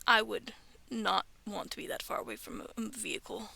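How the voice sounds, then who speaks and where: A woman in her thirties reading scary stories aloud from home, breaking off for chatty, self-aware asides and soft whispered remarks. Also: medium pitch, fairly even intonation, normal speed, gravelly, husky. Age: 30s. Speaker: streamer reading online stories. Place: bedroom at home.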